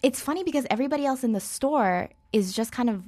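A woman's voice: sits high, lively intonation, fast, mellow. A woman chatting casually as an interview guest, talking about films with lots of fillers and hedges. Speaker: guest film reviewer.

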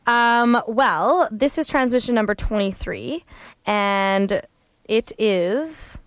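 Relaxed woman co-hosting college radio. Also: on the high side, takes it slowly, no echo. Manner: chatty, relaxed, often laughing. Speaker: co-host of a campus radio music show. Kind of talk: casual radio chat.

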